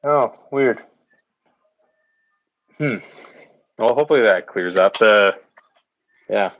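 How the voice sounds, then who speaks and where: A man's voice: lowish voice, expressive, takes it slowly, a bit bright, lo-fi sound. A man chatting casually on his pottery stream, joking and laughing often as he rambles along. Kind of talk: casual chat while doing pottery. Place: home pottery space.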